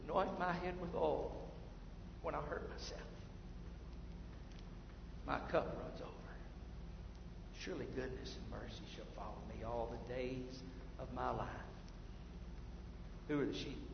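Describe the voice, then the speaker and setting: A man preaching a sermon as pastor, swinging between hushed and loud passages. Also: mid-range voice, a little slow, gravelly, long pauses, noisy background. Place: church sanctuary. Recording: echoey hall from far off, dull lo-fi.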